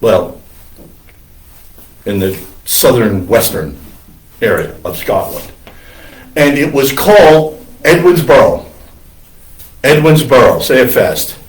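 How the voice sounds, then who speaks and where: A priest lecturing on church history in a classroom, wandering into digressions with many ums and uhs. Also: male voice, mid-range voice, slow pace, pauses often. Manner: discursive, digressive with many fillers. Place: classroom with students. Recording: roomy classroom from far off.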